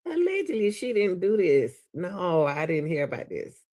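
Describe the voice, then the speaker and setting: A man's voice: high voice, wildly swooping pitch, normal speed, darkish tone, dull audio. A man with a Southern US accent, hosting a reaction video and talking casually to his viewers, laughing and exclaiming in disbelief.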